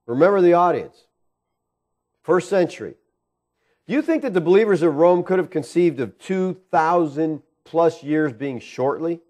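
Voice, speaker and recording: A man's voice: on the high side, animated, moderate pace, darkish tone. A man preaching a sermon as pastor, emphatic and asking the congregation rhetorical questions.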